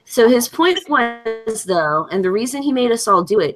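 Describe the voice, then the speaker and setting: A woman hosting a livestream in casual chat, telling lively stories and laughing often over a video call. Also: a little high, normal speed, hardly any pauses, faint music behind. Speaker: livestream host.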